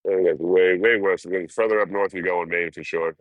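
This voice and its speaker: A man's voice: deep voice, steady tone, brisk, dry recording. A man chatting casually on a livestream, telling a rambling, profane story and laughing often. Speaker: vlogger.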